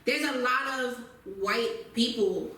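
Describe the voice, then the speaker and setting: A woman's voice: on the high side, slow pace, recorded from a distance. Easygoing woman in an echoey room. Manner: relaxed, laughing, backs up her co-host. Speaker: podcast co-host. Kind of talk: casual chat.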